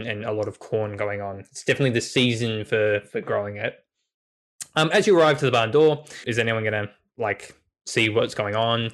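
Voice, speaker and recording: A man's voice: mid-range voice, a bit bright. A man narrating as game master, rambling and restarting as he describes the scene. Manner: rambling, many fillers and restarts.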